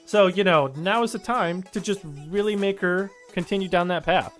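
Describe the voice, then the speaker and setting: Guy streaming and chatting w his viewers, kinda high voice, jokey, bit of music under. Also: moderate pace. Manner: loose, fillers and restarts, jokey, talks to chat. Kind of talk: casual live-stream chat.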